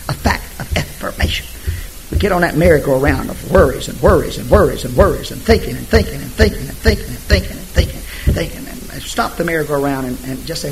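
A man preaching a sermon emphatically, swinging from hushed asides to shouted scripture. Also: on the high side, expressive, brisk, a little hiss or hum, rough recording.

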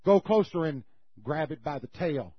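A man's voice: on the high side, expressive, normal speed, a little hiss or hum, voice pushed down, natural voice. A man voicing a commanding male deity who firmly repeats his orders. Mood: insistent. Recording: slightly muffled recording.

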